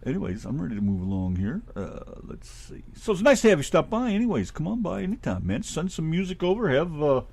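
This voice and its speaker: A man's voice: a little high, wildly swooping pitch, a little fast, creaky, hardly any pauses, darkish tone, slightly rough. A middle-aged man from Ohio with a Midwestern American accent, co-hosting a radio show in rambling, casually profane chat.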